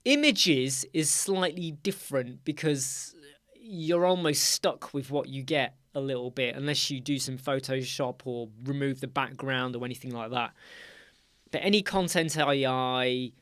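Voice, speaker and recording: A man's voice: medium pitch, measured pace, a bit bright, dry recording. A middle-aged man with a British accent hosting a casual live chat, talking to viewers by name in a chatty, teasing way. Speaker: livestream host.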